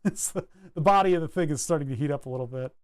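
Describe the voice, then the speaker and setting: A man chatting casually to his live-stream viewers while he tinkers with electronics at his workbench, relaxed and self-deprecating, chuckling often. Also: a little high, rapid-fire, clear, resonant tone. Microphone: wired microphone at his workbench.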